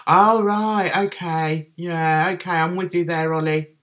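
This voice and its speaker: A middle-aged London woman with a Cockney accent speaks in a lowish, fairly bright voice, unhurried and fairly even in intonation. She's hosting a livestream, casually chatting and responding to the chat.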